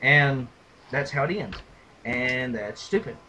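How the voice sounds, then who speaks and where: A man co-hosting a casual podcast, retelling and mocking movie scenes with animated delivery and loud impressions. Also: medium pitch, slow pace, slight background noise, poor audio. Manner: animated storyteller, mimics lines in a loud gravelly shout. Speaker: podcast co-host. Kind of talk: casual movie review chat.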